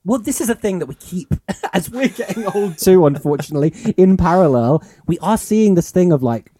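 Mellow-voiced man musing on a podcast. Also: sits high, lively intonation, moderate pace. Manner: rambling, filler-heavy musing. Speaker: podcast co-host. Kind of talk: casual chat.

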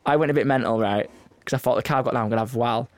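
A man's voice: medium pitch, rapid-fire, dry recording, clean studio sound. A man co-hosting a podcast, chatty and jokey, often talking over his co-host. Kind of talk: casual chat.

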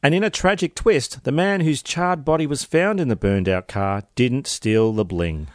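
A man's voice: mid-range voice, moderate pace, no echo, studio quality. A man hosting a podcast, narrating a true crime case with wry, sardonic asides. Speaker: podcast host.

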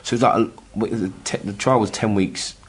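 A middle-aged man from England telling a personal story in casual chat, halting with many restarts and acting out the voices he quotes. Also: lowish voice, steady tone, breathy edge. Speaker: guest telling his story.

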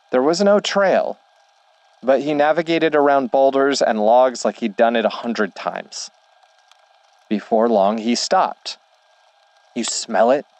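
A man narrating a horror story in a slow, measured way. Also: medium pitch, no echo.

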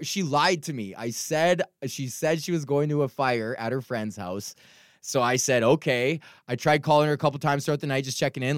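A young man hosting a podcast, talking frankly in a rambling, profane way with many halting restarts. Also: mid-range voice, no echo, clean studio sound. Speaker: podcast host. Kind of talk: casual rambling monologue.

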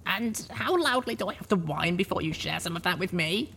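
A man's voice: sits high, animated, a little fast, gravelly, sharp tone, slight background noise, voice pushed up, heavily acted. A man voicing a wry, tough young mare. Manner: dry, wry complaining. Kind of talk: audiobook character voice.

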